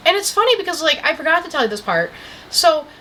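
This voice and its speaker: A young woman casually recapping a movie, chatty and animated, saying "like" a lot and breaking off to talk to the camera. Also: high voice, quick pace, slight background noise, rough recording. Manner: chatty, animated, heavy use of "like"; breaks off to talk to the camera about her coffee and pillow. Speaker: vlogger reviewing a movie.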